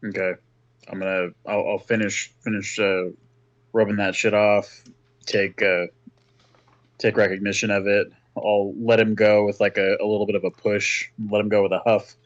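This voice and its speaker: A man playing a tabletop game, describing his character's actions in halting, restarting speech. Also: on the low side, flat delivery. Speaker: player. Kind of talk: casual tabletop play. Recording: dull lo-fi mic.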